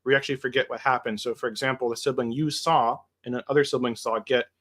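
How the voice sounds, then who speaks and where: A man's voice: mid-range voice, fairly even intonation, fast, a bit bright. Man host, interview commentary, explains and sums up. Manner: explanatory, summarizing.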